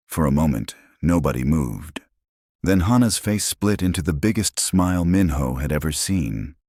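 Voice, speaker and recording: Very deep-voiced male narrator. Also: dry recording, clean studio sound. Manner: steady, dramatic storytelling. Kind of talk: scripted story narration.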